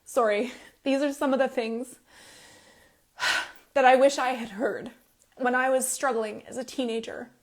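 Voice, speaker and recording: A woman's voice: sits high, fairly even intonation, unhurried, long pauses. A middle-aged woman giving earnest, emphatic advice to parents, with fillers and restarts. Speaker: parenting coach.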